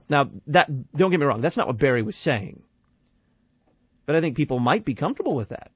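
A man's voice: a little high, sing-song, brisk, slightly rough, no echo, highs cut off. A man hosting a call-in radio show, talking thoughtfully and emphatically and building his points in lists. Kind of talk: call-in talk radio discussion.

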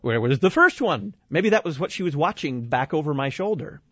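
A man from Illinois telling an animated, exasperated personal story, slipping into other people's voices as he goes. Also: a little high, a little fast, no echo. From Illinois, USA. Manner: lively, exasperated, acts out quoted voices. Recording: dull dry studio sound.

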